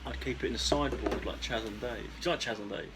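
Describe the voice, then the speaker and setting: A man's voice: medium pitch, fast talker. A man from East Anglia co-hosting a podcast, rambling through crude, jokey banter. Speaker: podcast co-host. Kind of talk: casual chat. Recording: background noise.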